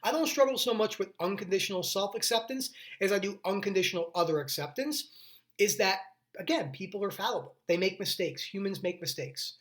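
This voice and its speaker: A man's voice: high voice, animated, a little fast, a bit bright. A young man hosting a mental health video, talking earnestly in a casual, rambling way, often restarting his sentences and going off on tangents. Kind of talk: casual talking-head explainer.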